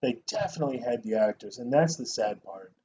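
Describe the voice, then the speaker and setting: A man co-hosting a casual movie review show, talking in an animated, profane way and mimicking actors. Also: mid-range voice, brisk. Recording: dull lo-fi sound with faint noise.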